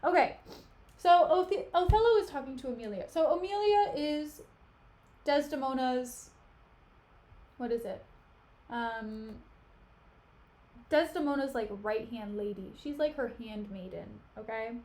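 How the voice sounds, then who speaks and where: Chatty woman streamer, fairly high voice. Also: unhurried, long pauses, a little mellow. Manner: slangy, chatty, with fillers. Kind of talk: casual retelling of a play.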